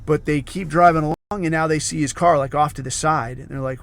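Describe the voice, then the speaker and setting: A man's voice: on the high side, fairly even intonation, a little fast. A man hosting a podcast, talking through a film review in a loose, rambling way, heavy on swearing and "like" and "dude.". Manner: rambling, heavily profane storytelling; loose, filler-heavy, says "like" and "dude" a lot. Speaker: podcast host. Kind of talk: casual monologue film review.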